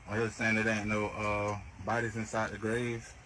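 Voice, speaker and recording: A man's voice: on the low side, monotone, moderate pace, noisy background. A man who works at a graveyard, talking casually to the camera in informal slang for a social video. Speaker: graveyard worker.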